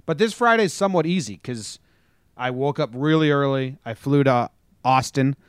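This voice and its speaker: A man's voice: mid-range voice, expressive, normal speed, clean tone, no echo. A man co-hosting a podcast, telling stories in a rambling, chuckling, casual way. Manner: rambling storyteller, chuckles often. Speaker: podcast co-host. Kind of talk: casual chat.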